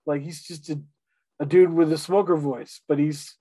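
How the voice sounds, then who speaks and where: An eager man chatting on a podcast, his voice sitting a touch high. He trips over his words and restarts often, and the sound is dry with no room around it. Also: fairly even intonation, normal speed, warm tone, dry recording. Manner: enthusiastic, lots of fillers and restarts. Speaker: podcast co-host reviewing an album. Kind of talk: casual chat.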